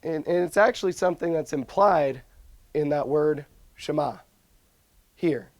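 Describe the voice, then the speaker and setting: A man's voice: fairly high pitch, measured pace, no room sound. A young man giving an informal, earnest talk on scripture, often restarting his sentences. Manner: earnest, frequent restarts and fillers. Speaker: religious speaker.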